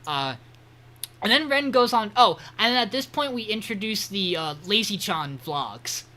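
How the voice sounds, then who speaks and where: A man's voice: high voice, lively intonation, measured pace, pushed and bright. A man co-hosting a podcast, recapping an episode in a rambling, swearing, casual way. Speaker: podcast co-host.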